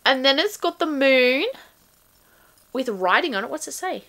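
A woman reviewing a subscription book box, excitedly unboxing and gushing over each item in casual chat. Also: sits high, moderate pace.

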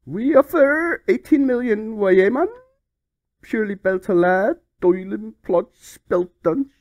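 A man voicing a rowdy drunk male club official with a put-on Geordie accent, slurred and loud. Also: high voice, animated, unhurried, lo-fi sound, pitched above the performer's own voice.

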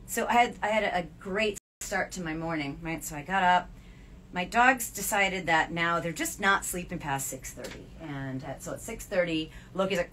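Southern woman, middle-aged, podcast co-host; animated, chatty storyteller; light background hiss. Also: on the low side, normal speed. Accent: Southern American. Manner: bubbly, animated storyteller with laughs. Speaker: podcast co-host, Spanish professor. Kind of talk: casual chat while knitting. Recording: faint background noise.

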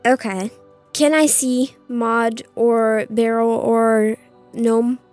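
A woman's voice: a little high, fairly even intonation, very slow, darkish tone, soft background music. A woman playing a tabletop game, speaking casually and hesitantly, asking questions. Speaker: player.

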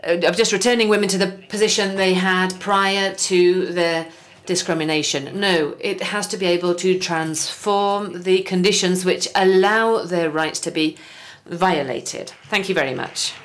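A woman giving the closing words of a talk at a forum, slow, deliberate and emphatic. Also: fairly low pitch, fairly even intonation. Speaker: panel speaker.

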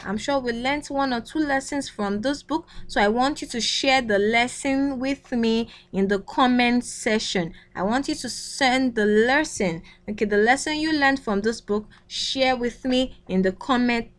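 A woman's voice: a little high, a little slow, hardly any pauses. A woman teacher reading a picture book to children, repeating each line and asking them questions.

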